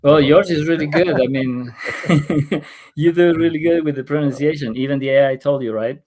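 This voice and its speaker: A man's voice: fairly high pitch, moderate pace. Male guest from Peru, eager conversational tone, occasional stumbles. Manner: warm, enthusiastic, some stumbles. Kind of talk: casual conversation.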